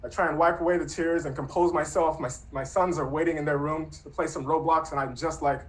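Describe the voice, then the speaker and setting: A man in his thirties recounts a true personal story. He speaks earnestly and reflectively, in a conversational manner, with a somewhat high-pitched voice. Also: steady tone, a little fast, rough recording. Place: Brooklyn.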